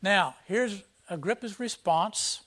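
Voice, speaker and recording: Male pastor, higher-pitched voice, emphatic expository preaching. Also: slow, fairly bright tone. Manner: emphatic, reads scripture aloud with rising force; plain explanatory teaching tone. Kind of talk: expository sermon.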